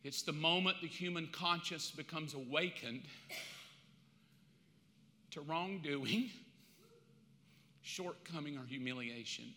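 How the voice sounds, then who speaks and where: An older man preaching a sermon as pastor, animated and jokey, and openly confessional. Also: on the high side, slow, pauses often, a little hiss or hum. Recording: echoey church hall.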